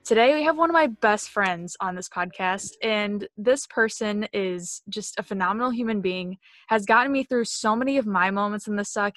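A woman's voice: mid-range voice, a bit bright, dry recording. A woman in her twenties hosting a casual podcast, talking in an effusive, enthusiastic way. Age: 20s. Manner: effusive, enthusiastic, gushing with praise. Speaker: podcast host.

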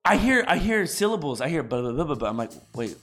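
A loud young man with a carrying, slightly higher-pitched voice chats animatedly as co-host of a live stream, laughing often and swearing casually. He talks close to a studio mic. Faint music plays underneath. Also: big pitch swings, quick pace. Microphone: studio microphone.

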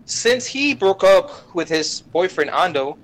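A man's voice: high voice, poor audio. A young man casually retelling an anime plot, swearing a lot and briefly putting on the characters' voices. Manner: profane, animated retelling with quick voices for characters. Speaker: podcast guest.

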